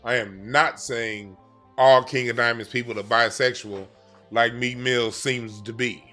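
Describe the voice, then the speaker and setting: A man at a mid pitch gives a card reading in loose, casual talk. He leans hard on points, repeats himself and drops slang, while faint music sits underneath. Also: fairly even intonation, unhurried, bright, forceful tone. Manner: emphatic, repetitive, slangy, restarts phrases. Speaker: card reader. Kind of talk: casual explainer monologue.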